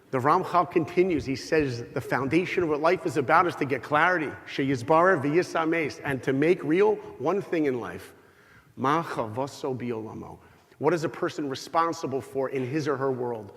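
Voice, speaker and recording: In a slightly high, gravelly voice, a middle-aged inspirational speaker entertains an audience in a large hall with funny stories. He acts out dialogue with animation, and long hall reverb trails his words.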